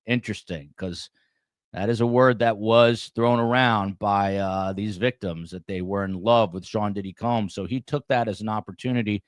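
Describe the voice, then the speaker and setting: A man with a fairly low voice hosts a true crime show, giving commentary on a court case. He reads quotes aloud and then adds his own asides. The recording is dry and close. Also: fairly even intonation, moderate pace, no room sound.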